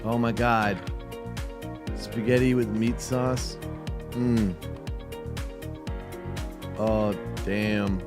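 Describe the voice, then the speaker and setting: A man's voice: lowish voice, fairly even intonation, very slow, pauses often, over music. Laid-back, profane male stream host. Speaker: show host. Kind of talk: casual livestream chat reacting to a video.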